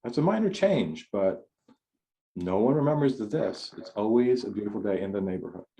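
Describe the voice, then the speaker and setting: A man's voice: on the low side, animated, normal speed, gravelly, mellow. A man giving a conversational talk over a video call, rambling and restarting his sentences often. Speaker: speaker. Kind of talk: online forum talk.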